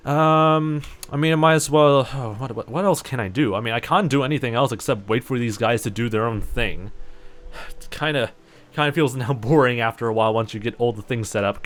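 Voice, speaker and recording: A man's voice: mid-range voice, fairly quick, fairly bright tone. A young man with a New Zealand accent and a sore throat, rambling casually with lots of fillers and mock exasperation while streaming a game. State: sore throat and stuffy nose. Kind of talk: casual live-stream chat while gaming.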